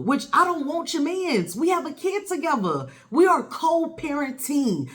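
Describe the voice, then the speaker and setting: A woman, telling a personal story to the camera in a blunt, animated way with plenty of swearing. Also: medium pitch. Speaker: vlogger. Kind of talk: casual storytelling.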